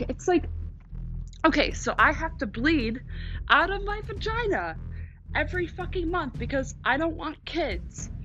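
A woman's voice: high voice, fairly bright tone, muffled recording. A young woman ranting to camera, angry, sarcastic and swearing, while in pain from cramps.

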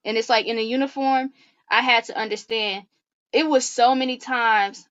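A woman guest on a faith-based podcast, talking earnestly in an animated, preacherly way. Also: fairly high pitch, moderate pace, smooth, muffled recording.

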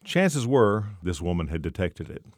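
Low-voiced man reading a short story. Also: big pitch swings, moderate pace, darkish tone, no echo, studio quality. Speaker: narrator.

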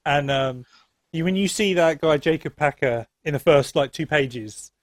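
A man's voice: a little high, normal speed, no echo. A man co-hosting a podcast, chatting casually about a film, laughing often and filling his talk with ums and likes. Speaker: podcast co-host.

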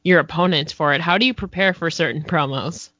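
A woman with a bright, sharp voice asks her guest questions in a curious, friendly tone. The recording is dry, with no room sound. It also sounds muffled and lo-fi. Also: low-pitched, fairly quick, dry recording. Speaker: podcast host. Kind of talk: casual interview chat.

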